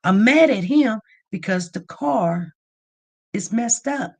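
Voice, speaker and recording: A woman hosting a livestream, telling a story in a lively, animated way and rising to near-shouts when upset. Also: on the high side, takes it slowly. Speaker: livestream host.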